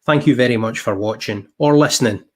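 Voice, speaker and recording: Scottish male podcast host, casual and chatty, mid-pitched, quick asides. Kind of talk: casual chat.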